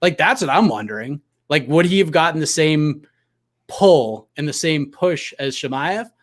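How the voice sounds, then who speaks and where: Higher-voiced male guest, wandering, thinking out loud. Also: animated, normal speed. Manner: rambling, speculative, heavy on "like". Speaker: guest journalist. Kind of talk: casual sports talk chat.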